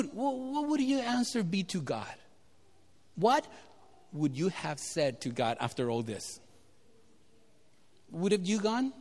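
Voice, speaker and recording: A man preaching a sermon, telling a Bible story and quizzing his listeners. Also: high voice. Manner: animated, asks the audience questions. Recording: echoey hall.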